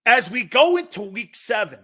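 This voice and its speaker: A man's voice: very high voice, big pitch swings, normal speed, sharp tone. A middle-aged man hosting a sports talk show, chatting casually, laughing often mid-sentence and firing questions at his crew. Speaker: sports radio host.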